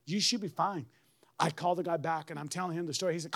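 Middle-aged pastor guy preaching a story, high voice, gets loud and shouty with praise. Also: steady tone, fast talker. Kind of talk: sermon testimony.

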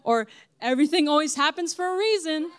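A woman's voice: high-pitched, animated, brisk, some chatter behind. A young woman giving a personal testimony sermon at church, earnest and emphatic as she speaks straight to the congregation.

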